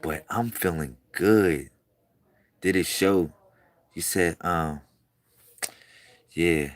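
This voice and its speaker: Low-voiced excitable man chatting to viewers. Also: extremely slow, dry recording. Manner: excitable, swings from loud to murmured; slangy, repeats himself. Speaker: video creator. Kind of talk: casual chat to viewers.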